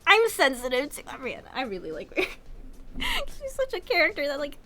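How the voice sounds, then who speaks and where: High, bright woman commenting on a game. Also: wildly swooping pitch, normal speed. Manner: chatty, laughing, full of "like". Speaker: game streamer. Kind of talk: casual gameplay commentary.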